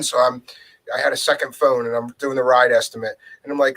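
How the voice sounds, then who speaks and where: A man's voice: mid-range voice, little pitch movement, fairly quick, a bit bright, rough recording. A man chatting casually and bluntly, swearing and quoting people in his stories. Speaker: co-host, former rideshare driver. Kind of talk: casual storytelling chat.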